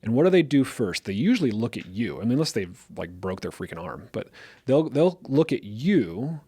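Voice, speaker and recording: A middle-aged man co-hosting a casual podcast conversation, telling lively everyday stories and illustrating them as he goes. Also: mid-range voice, moderate pace, slightly rough, no room sound, studio quality. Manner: lively storyteller, acts out parent voices. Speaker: podcast co-host.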